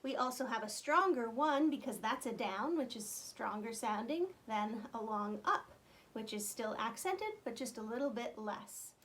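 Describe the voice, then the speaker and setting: Woman, fiddle teacher, chatty, counts beats aloud, higher voice, faint background hiss. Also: expressive, moderate pace, fairly bright tone. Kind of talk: friendly instructional talk.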